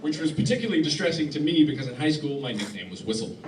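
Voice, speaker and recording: A man performing a deadpan stand-up set in a club, halting and restarting often, recorded by a phone in the crowd. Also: on the high side, roomy sound, recorded from a distance, noisy background. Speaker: stand-up comedian. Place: club hall with live audience laughing.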